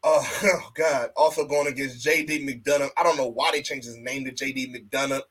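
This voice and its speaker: Bright-voiced man chatting casually. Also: mid-range voice, steady tone, moderate pace, breathy edge, rough recording. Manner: loose, laughing, repeats phrases. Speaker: podcast host. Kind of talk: casual chat.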